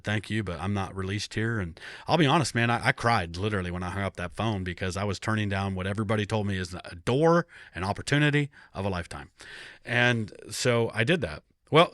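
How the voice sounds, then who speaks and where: A man's voice: fairly low pitch, fairly bright tone, dry recording, clean studio sound. A man, a pastor and podcast host, telling a personal story in an earnest way, often repeating words and restarting, and acting out the voices of people he quotes. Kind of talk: personal story told to listeners.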